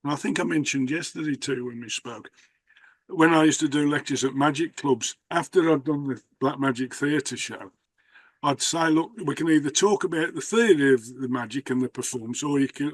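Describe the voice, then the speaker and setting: A man's voice: medium pitch, normal speed, no room sound. A man hosting a conversation, telling rambling stories with many restarts. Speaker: host, magician. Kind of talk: casual conversation.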